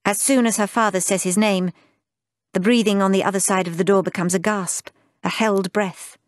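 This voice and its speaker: A woman narrating a literary audiobook in a measured, lyrical, unhurried way. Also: mid-range voice, steady tone, dry recording, studio quality.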